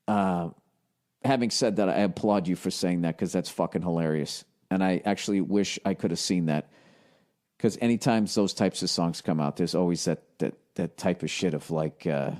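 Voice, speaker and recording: A man's voice: on the low side, darkish tone. Man in his forties, podcast host, blunt, sarcastic, swears freely, casual comic delivery. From United States. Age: 40s. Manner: profane, blunt, sarcastic advice. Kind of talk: casual comedic podcast monologue.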